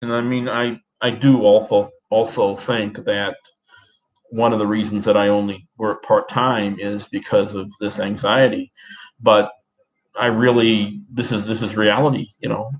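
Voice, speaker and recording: Man, 30s, from Australia, put-on American accent, fairly low voice, halting and rambling, many restarts, personal talk to camera, dull muffled recording. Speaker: vlogger.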